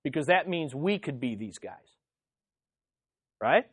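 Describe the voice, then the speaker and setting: A man preaching a sermon as pastor, speaking directly to the listeners and emphatically repeating his key phrases, swinging between loud and hushed. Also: fairly high pitch, lively intonation, takes it slowly, husky, no echo, studio quality.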